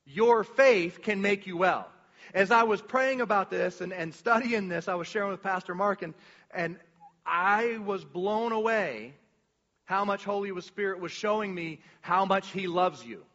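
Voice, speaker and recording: A man preaching a sermon as a pastor, casual and animated, full of slang and restarts. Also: high-pitched, moderate pace, long reverb tail, muffled recording.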